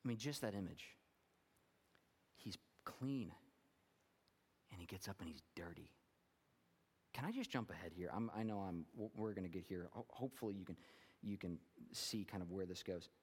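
A man's voice: sits low, moderate pace, long pauses, darkish tone, slightly rough, long reverb tail. A man preaching a sermon as pastor, talking earnestly and rising to fervent emphasis.

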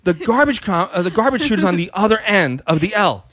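Animated, profane New man. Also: high-pitched, a little fast, no echo. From South Bronx, New York. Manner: profane, animated, puts on voices in stories. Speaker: podcast co-host, comedian. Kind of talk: casual storytelling chat.

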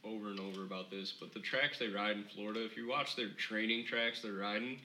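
A man's voice: fairly low pitch, steady tone, a little fast, pushed and bright, roomy sound, slight background noise, poor audio. A man co-hosting a casual motocross podcast, throwing in wry, sarcastic quips. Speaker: podcast co-host.

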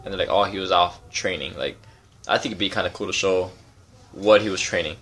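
Male guest, lower voice, offhand and musing. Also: fairly quick, a bit bright. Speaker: podcast guest. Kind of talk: casual comedic chat.

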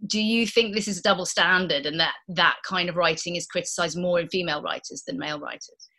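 A woman interviewer asking measured, thoughtful questions. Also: fairly low pitch, sharp tone.

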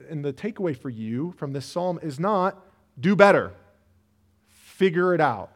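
A man delivers a sermon in an earnest, conversational manner, and his voice sits a little higher than most men's. He often trips over a word and starts again, and he leans on "like" as he talks it through with the congregation. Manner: earnest, conversational preaching with frequent "like" and restarts. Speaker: pastor. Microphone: church sermon recording.

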